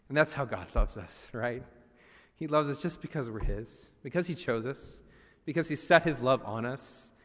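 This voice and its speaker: Pastor, male, somewhat high voice, earnest conversational sermon delivery, recorded in a church with long reverb. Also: steady tone, brisk, a bit bright. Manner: earnest, conversational preaching with frequent "you know" fillers.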